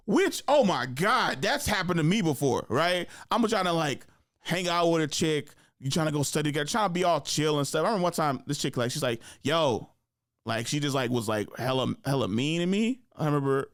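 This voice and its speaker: A young man hosting a podcast, telling stories in casual chat, laughing often and doing high voices for the people he quotes. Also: a little fast, clean tone, dry recording, studio quality. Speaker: podcast host.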